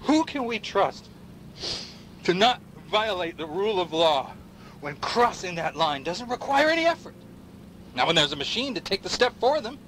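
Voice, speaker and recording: Game role: a middle-aged paranoid pundit, fiery rant, bright, wildly swooping pitch, hushed whispers to shouts. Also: male voice, sing-song, normal speed, a little hiss or hum. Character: paranoid male pundit ranting against machines. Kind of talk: video game dialogue.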